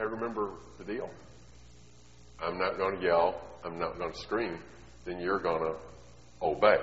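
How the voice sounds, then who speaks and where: Animated preacher man, bright voice. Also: medium pitch. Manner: storytelling, animated, asks the audience questions. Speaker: preacher teaching on parenting. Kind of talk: sermon. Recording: echoey hall, dull sound.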